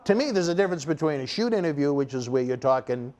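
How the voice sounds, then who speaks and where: Animated, higher-voiced male interview host. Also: fast. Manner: animated, joking. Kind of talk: casual shoot interview.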